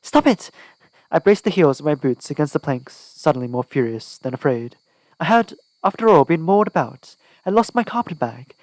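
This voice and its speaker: A man's voice: fairly high pitch, a little mellow, no room sound, low-quality recording. A man narrating an audiobook in the first person with a dramatic, tense delivery. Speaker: audiobook reader.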